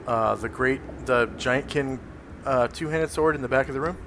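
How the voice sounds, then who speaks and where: A man runs a tabletop game as game master. His delivery is hesitant and full of fillers, his pitch sits in the middle range, and clear noise runs behind him on a voice-chat recording. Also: normal speed.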